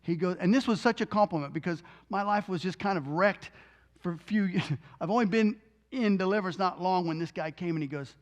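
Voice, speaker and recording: High-voiced, lively preaching man. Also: fairly quick, lo-fi sound. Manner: animated storyteller who laughs often; emphatic, repeats lines for force. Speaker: deliverance minister. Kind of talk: testimony storytelling and preaching.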